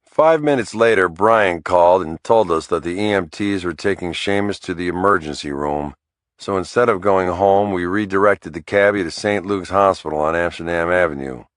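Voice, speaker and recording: A man narrating a thriller audiobook in the first person, in a wry, measured storytelling manner. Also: low-pitched, no echo, clean studio sound.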